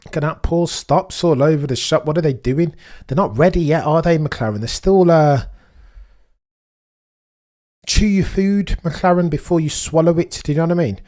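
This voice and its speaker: A young man hosting a live race watchalong, chatting excitedly to his viewers and firing off rhetorical questions. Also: a little high, moderate pace. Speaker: livestream watchalong host.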